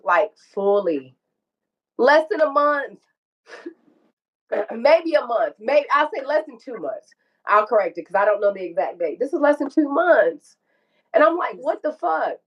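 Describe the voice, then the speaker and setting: A woman's voice: fairly high pitch, expressive, measured pace, muffled recording. A woman telling an emotional personal story, acting out dialogue and swearing freely. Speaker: guest telling her story.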